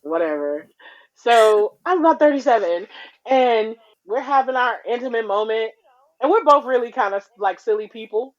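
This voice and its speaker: A woman in her forties co-hosting a podcast, a blunt, profane and animated storyteller in casual chat. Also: fairly high pitch, normal speed, lo-fi sound. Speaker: podcast co-host.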